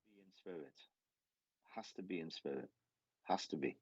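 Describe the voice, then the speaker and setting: A man giving a live mediumship reading, talking in halting, repetitive bursts full of restarts, on slightly dull lo-fi audio. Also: very deep voice, a little mellow, husky, dry recording. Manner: halting, repetitive, with many restarts and self-corrections.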